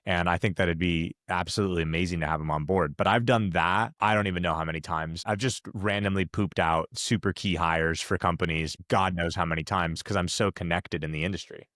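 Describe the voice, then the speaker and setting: A man's voice: deep voice, fairly even intonation, a little fast, fairly bright tone, no echo, studio quality. A man talking as a podcast guest, laid-back and confident, with slangy storytelling. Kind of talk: casual podcast conversation.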